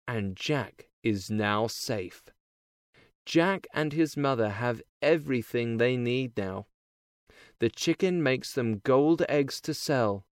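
Male narrator for easy-reader storybook, slow deliberate delivery, middle pitch, dry recording. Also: dry recording. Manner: slow, plain, careful reading. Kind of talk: simple storybook narration for learners.

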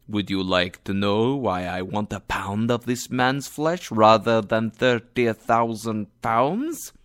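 A man's voice: fairly low pitch, fairly bright tone, no room sound, clean studio sound. A man voicing a vengeful, unyielding moneylender in a read-aloud story, stern and emphatic.

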